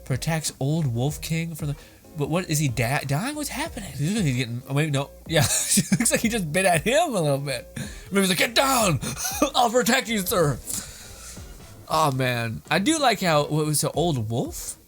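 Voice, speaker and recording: A young man chatting over clips in a casual reaction commentary, his pitch bouncing all over the place and sitting a touch high for a man. He rambles, laughs a lot and swears freely. Faint music plays underneath. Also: very animated, moderate pace. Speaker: host reacting to videos.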